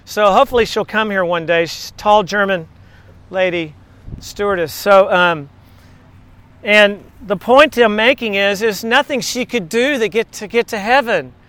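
A man's voice: sits high, moderate pace, a bit bright. A man preaching a sermon in a conversational way, telling stories and asking rhetorical questions. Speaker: pastor.

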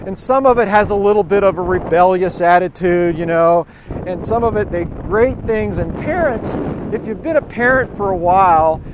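A man's voice: high voice, noisy background. A middle-aged man giving an informal, conversational sermon with storytelling asides and chuckles, recorded outdoors. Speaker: preacher.

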